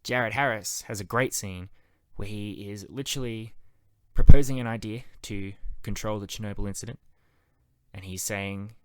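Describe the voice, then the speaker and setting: A man's voice: on the low side, moderate pace, darkish tone, clear, resonant tone, dry recording. A man reviewing a TV series in a casual, enthusiastic, conversational monologue. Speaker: TV show reviewer.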